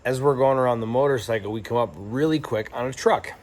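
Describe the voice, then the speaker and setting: A young travel vlogger with a medium-pitched voice tells a travel story at a quick pace. He's casual, rambling and reflective, with lots of fillers and restarts.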